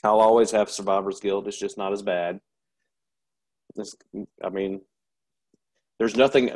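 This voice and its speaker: Low, flat-voiced male veteran. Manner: halting and candid, many fillers and restarts. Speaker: military veteran telling his story. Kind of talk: personal story in an interview.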